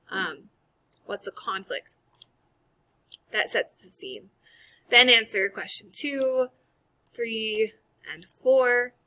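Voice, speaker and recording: Bright-sounding woman teacher going over homework on a screen share, casual and chatty, computer mic. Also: medium pitch. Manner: casual, upbeat, chatty with fillers. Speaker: high school English teacher. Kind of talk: recorded screen-share lesson walkthrough.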